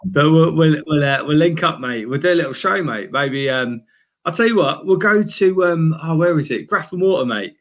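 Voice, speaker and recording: A young man talking football in an energetic, slangy casual chat, calling everyone mate. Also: on the high side, moderate pace. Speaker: guest fan. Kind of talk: casual fan chat stream.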